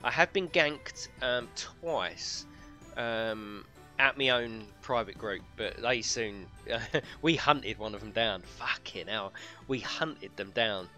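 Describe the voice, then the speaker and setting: Male game streamer, bright forceful voice, faint music underneath, easygoing and swearing. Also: fairly low pitch, lively intonation, slow pace. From United Kingdom. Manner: chatty storyteller, laughs often, swears freely. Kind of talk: casual live-stream chat.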